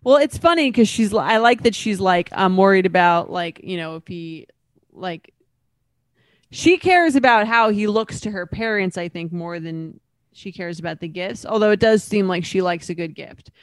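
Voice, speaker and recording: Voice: mid-range voice, animated, moderate pace, clean tone, no room sound. Podcast co-host reading a listener email. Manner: conversational, reads aloud with wry asides.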